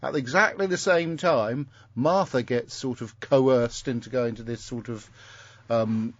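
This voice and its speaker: Recapping an episode of his podcast from home, a man talks in an unhurried, mid-range voice, rambling and joking with plenty of fillers. The recording is dry, dull and lo-fi.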